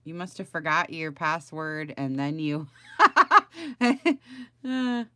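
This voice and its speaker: A woman's voice: low-pitched, lively intonation, a little slow, a bit bright, smooth, no room sound. A middle-aged woman chatting casually on a home crafting livestream, rambling and greeting viewers by name.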